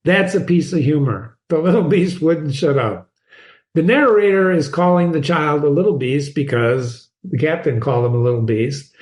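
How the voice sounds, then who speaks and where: This literature teacher speaks at a normal pace in a higher, slightly mellow voice while casually unpacking a short story for students. Chatty throughout, he reads lines from the text and asks rhetorical questions, frequently ending with "right?"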